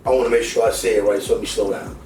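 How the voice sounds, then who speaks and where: Soft music plays behind this older man as he chats casually at a very fast clip in a lowish voice. He tells lively, foul-mouthed stories, acting out the quotes as he goes. The sound is noisy, with a distant microphone and an echoey room.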